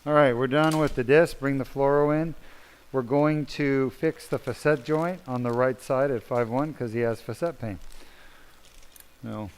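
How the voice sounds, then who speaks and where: A man's voice: medium pitch, a little slow, clean tone. A man working as a spine surgeon who narrates a live-streamed operation, talking casually to viewers and his team while he works. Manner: chatty, self-deprecating, talks to viewers while working. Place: operating room.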